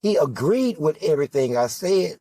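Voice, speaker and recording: A man's voice: on the high side, sing-song, normal speed, dark tone, no echo. A man giving an impassioned political monologue, full of rhetorical questions and emphatic repetition. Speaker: political candidate.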